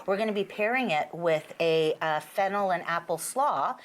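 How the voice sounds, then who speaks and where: A woman's voice: lowish voice, animated, moderate pace. A woman hosting a cooking show in a studio kitchen, talking with bubbly enthusiasm and laughing often. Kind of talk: lively cooking show banter.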